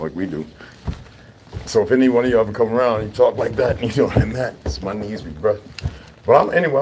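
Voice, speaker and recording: A man's voice: lowish voice, a little mellow, a little hiss or hum. Blunt, profane man ranting at home. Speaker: channel host. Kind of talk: casual rant and reading aloud.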